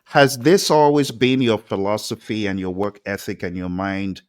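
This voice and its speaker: A man's voice: lowish voice, fairly even intonation, moderate pace, clean tone. A man hosting a live-streamed interview who talks with enthusiasm, exclaims often and reads viewer comments aloud. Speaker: interview host.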